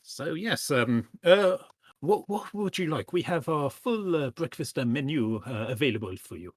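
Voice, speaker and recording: A man voicing a courteous male tavern owner in a deliberately clumsy put-on French accent. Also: on the high side, big pitch swings, dry recording, studio quality.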